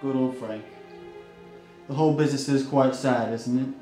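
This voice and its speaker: A man voicing a world-weary undead man with a dark, mellow voice and dry, clipped phrasing. Recorded in an echoey room with faint music underneath. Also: medium pitch, fairly even intonation, moderate pace, lightly acted. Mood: gloomy. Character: weary undead man who craves brains.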